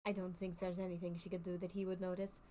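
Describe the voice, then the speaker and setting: A woman's voice: on the low side, flat delivery, quick pace, dark tone, slight background noise, natural voice. Woman doing a sly French-accented circus boss. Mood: scheming. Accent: put-on French. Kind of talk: reading game dialogue aloud.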